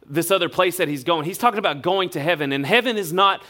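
A male pastor, preaching a sermon in a relaxed, conversational storytelling way. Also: high-pitched, fast talker. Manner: conversational storytelling, acts out quotes.

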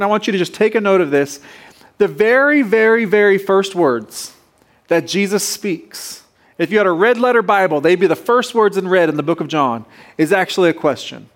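A man in his thirties preaching a sermon, casual and playful, with joking asides to the congregation. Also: sits high. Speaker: pastor.

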